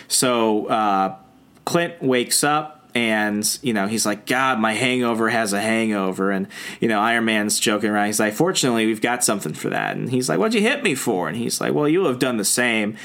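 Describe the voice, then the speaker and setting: A young man co-hosting a podcast recaps a comic book in casual chat, retelling scenes and acting out the characters' lines in quick voices. His voice is lowish with a fairly bright tone.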